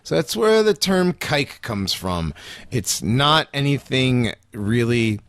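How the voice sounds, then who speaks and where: A man co-hosting a podcast, telling stories in a loud, animated way with bursts of laughter. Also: mid-range voice, slow, dry recording. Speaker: podcast co-host. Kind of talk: casual podcast chat.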